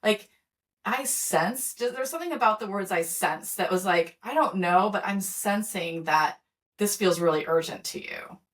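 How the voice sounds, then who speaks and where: A woman's voice: mid-range voice, moderate pace. A middle-aged woman hosting an interview, talking casually with many fillers and restarts. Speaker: podcast host.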